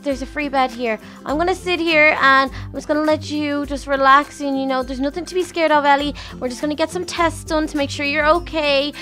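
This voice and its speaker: A woman's voice: high voice, fairly bright tone. A woman host narrating a game role-play in a fretful manner, exclaiming often and talking to herself.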